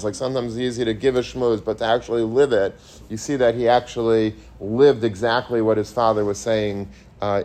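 A middle-aged man giving a Torah lecture, telling stories and mixing Hebrew and Yiddish terms into his English, with frequent restarts. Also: on the low side. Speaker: Torah teacher.

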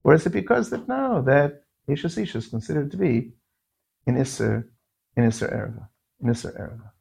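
Gravelly, lively man teaching Talmud. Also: medium pitch, a little fast. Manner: questioning, sing-song, frequent "no?" asides. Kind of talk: Talmudic lecture.

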